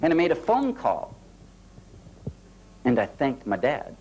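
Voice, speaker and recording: A man giving a motivational talk, telling personal stories in a folksy, animated way with an occasional light laugh. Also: mid-range voice, unhurried, slight background noise, poor audio. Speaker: motivational speaker. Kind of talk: storytelling keynote talk.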